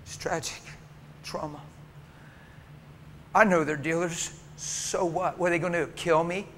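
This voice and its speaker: A man's voice: a little high, steady tone, unhurried, fairly bright tone. A male preacher delivering an emotional, story-driven sermon in a church, acting out the people in his stories. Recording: long church reverb, faint background noise.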